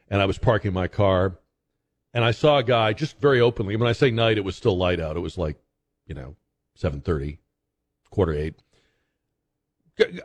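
A man hosting a talk radio show, commenting in a conversational, halting way with frequent fillers and restarts. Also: mid-range voice.

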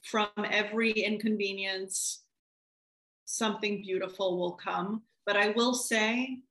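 A woman film director talking casually in an interview, animated and laughing as she acts out what people said. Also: medium pitch, measured pace, roomy sound, rough recording.

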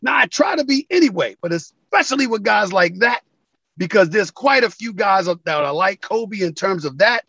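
Male sports commentator as guest, raised pitch, dry, animated, emphatic storyteller. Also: normal speed, slightly rough, no room sound, muffled recording. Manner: emphatic, acts out quoted calls with big pitch swings.

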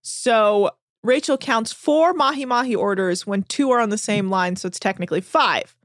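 A woman podcast host in casual chat, telling stories with animated energy and plenty of swearing. She acts out what others said as she goes. The sound is dry and close to the mic. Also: mid-range voice, moderate pace, dry recording. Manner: animated storytelling, swears freely, acts out quotes. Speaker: podcast host recapping a reality show.

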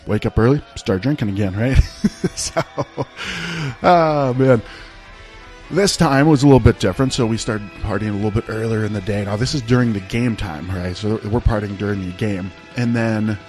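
A man's voice: on the low side, darkish tone. A man telling a personal story in a casual, rambling way, full of "like" and "right?". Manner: rambling, laid-back, peppered with "like" and "right?".

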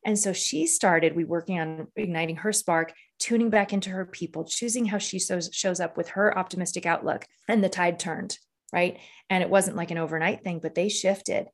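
A woman's voice: fairly low pitch, moderate pace. A woman leadership coach telling a client story in an earnest, conversational way, often checking in with "right?". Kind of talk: conversational interview.

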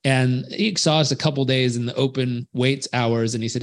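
Animated male storyteller in a podcast interview. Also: mid-range voice, moderate pace. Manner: animated storyteller who acts out quoted voices. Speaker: guest, life coach. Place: home on a rural island beach.

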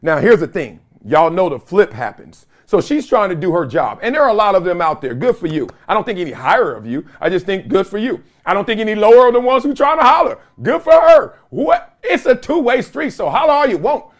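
Animated high-voiced man telling stories. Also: fast, few pauses. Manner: animated storytelling with laughs and mimicked voices. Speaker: host. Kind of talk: comedic solo talk show monologue.

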